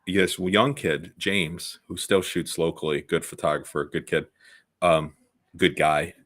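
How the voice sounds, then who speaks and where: A man's voice: sits low, steady tone, measured pace, fairly bright tone. A middle-aged man, a concert photographer co-hosting a music talk show, telling a story in a rambling casual way. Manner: rambling, with many fillers and restarts.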